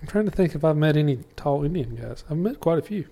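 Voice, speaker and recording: A man's voice: on the high side, expressive, fast, vocal fry, mellow. A young man co-hosting a podcast, joking bluntly in casual banter. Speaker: podcast co-host. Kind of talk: casual chat.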